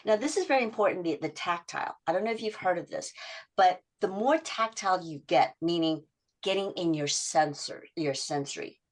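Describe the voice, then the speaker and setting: A middle-aged woman habit coach in a podcast interview, telling client stories and acting out their quotes in lively voice shifts. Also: fairly low pitch, normal speed.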